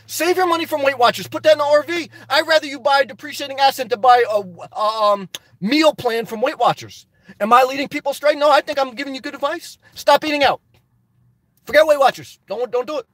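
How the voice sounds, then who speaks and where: A man's voice: very high-pitched, fast talker, a bit bright, dry recording. A man hosting a livestream, reading viewer comments aloud in rambling, preachy talk and laughing often. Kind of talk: casual live chat.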